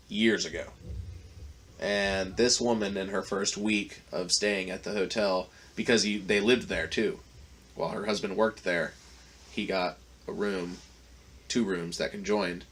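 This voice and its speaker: A man's voice: low-pitched, steady tone, measured pace, a bit bright. A man hosting a podcast, telling a long story in a casual, profane, rambling way with lots of fillers. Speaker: podcast host.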